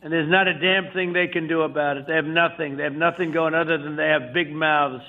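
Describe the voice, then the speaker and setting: A man answers reporters' questions in a blunt, boastful way, stumbling over fillers as he goes. His fairly high voice comes through a thin, phone-like clip. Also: fairly even intonation, fairly quick. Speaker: politician in a clip. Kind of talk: clip of a press interview.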